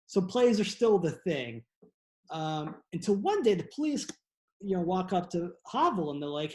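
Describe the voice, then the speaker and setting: A man's voice: high-pitched, sing-song, normal speed, darkish tone. A man, a playwright, tells a history story in a loose, rambling, profane comic style with many restarts. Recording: echoey room.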